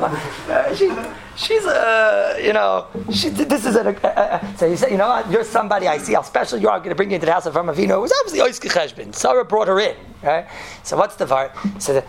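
A man teaching a Torah class as a rabbi, animated and joking, sprinkling his talk with Yiddish and Hebrew terms. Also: high voice, gravelly. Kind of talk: lively Torah lecture.

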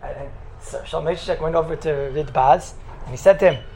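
A man who teaches in a yeshiva, telling stories in a lively talk and acting out the quotes. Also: fairly high pitch, fast talker, vocal fry. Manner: animated, acts out the quotes in his stories. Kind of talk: storytelling talk. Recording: echoey room with faint background noise.

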